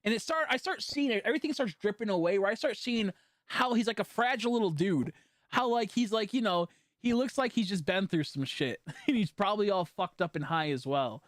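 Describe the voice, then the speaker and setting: A man's voice: high voice, a little fast, no echo. Rambling, profane male streamer, dry sound. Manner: rambling and profane, with frequent fillers and restarts; animated, jumping from hushed to loud. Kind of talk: casual storytelling while gaming.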